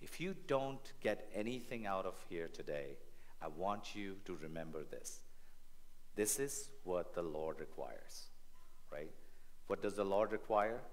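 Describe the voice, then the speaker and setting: A man preaching a sermon as family pastor in a church, animated and rhetorical, often checking in with the congregation. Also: low voice, measured pace.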